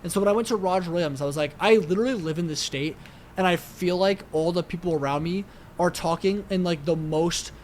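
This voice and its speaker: Young guy w a new york accent rambling on a podcast, swears a lot, kinda high pitched, faint hiss behind. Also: fairly quick, a little mellow. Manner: rambling, profane, heavy use of "like". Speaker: podcast co-host. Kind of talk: casual podcast chat.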